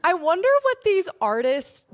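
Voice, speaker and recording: A woman's voice: very high-pitched, big pitch swings, normal speed. A woman co-hosting a casual chat, playful and bubbly. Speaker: co-host.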